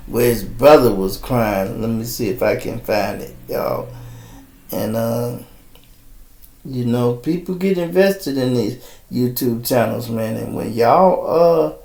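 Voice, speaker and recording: Gravelly middle-aged man spinning a story. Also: medium pitch, darkish tone, roomy sound. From Chicago. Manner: profane, streetwise, acts out voices in stories. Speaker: podcast host. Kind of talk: casual live-stream storytelling.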